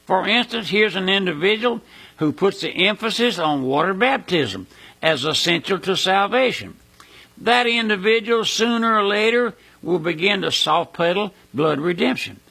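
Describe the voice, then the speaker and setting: A man preaching a sermon, emphatic, with his voice rising to loud peaks and dropping to low murmurs. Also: expressive, normal speed, creaky, husky.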